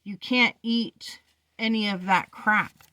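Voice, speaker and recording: A woman reading a novel aloud and voicing a volatile, unhinged teenage boy who rants and shouts scornfully. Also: medium pitch, steady tone, slow pace, no echo. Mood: ranting.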